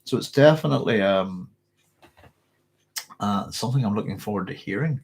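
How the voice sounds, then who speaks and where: A man with a low, husky voice runs a casual live-stream Q&A. He reads out viewer comments, thinks aloud and cheerfully corrects himself along the way. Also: lively intonation, moderate pace. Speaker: host answering viewer questions.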